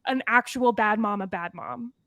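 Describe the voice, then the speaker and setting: A woman co-hosting a podcast in casual chat, playful and quick to laugh. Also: fairly high pitch, fairly bright tone, no echo, studio quality. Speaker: podcast co-host.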